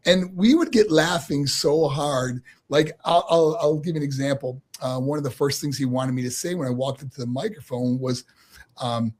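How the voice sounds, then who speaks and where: A middle-aged man with a slightly husky voice tells animated stories in a casual interview, laughing often as he goes. He grew up in New York and talks in a relaxed, loose way. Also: a little high, normal speed. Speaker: guest, former pro wrestler.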